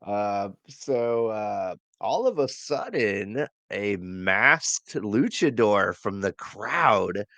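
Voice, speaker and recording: A man's voice: lowish voice, extremely slow, hardly any pauses, no room sound. A man co-hosting a wrestling podcast, recapping a show casually with many fillers and easy laughs. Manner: relaxed recap with many ums and uhs, laughs easily. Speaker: podcast co-host. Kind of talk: casual wrestling review chat.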